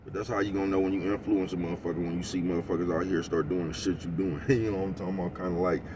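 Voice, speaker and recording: A man with a lowish voice rants at a rapid clip, rambling in thick slang and breaking into laughs. He sits in a vehicle some way from the mic, with a faint hum of the road behind him. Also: flat delivery, distant mic. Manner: rambling, heavy slang, keeps asking "you know what I'm talking about"; laughs often, gets loud and heated. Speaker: vlogger. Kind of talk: casual rant to camera.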